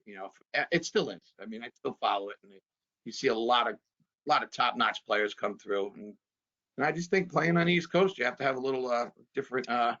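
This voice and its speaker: A man in his fifties from New Jersey, a former pitcher, rambling through memories in a casual chat full of fillers. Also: fairly quick, a bit bright. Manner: rambling, many fillers, chuckles often. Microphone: video call. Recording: dull video-call audio.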